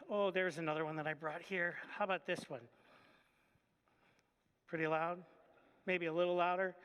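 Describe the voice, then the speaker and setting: A pastor with a high voice talks to children in a church sanctuary. He keeps asking them friendly questions. A long reverb from the hall trails after his words. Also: bright, forceful tone. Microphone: handheld microphone.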